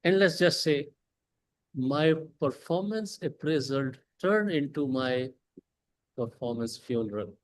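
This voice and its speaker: A man with a Pakistani English accent giving a prepared motivational speech at a club meeting, emphatic, with dramatic pauses and rhetorical questions. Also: medium pitch, expressive, low-quality recording. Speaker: club speaker. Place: meeting hall.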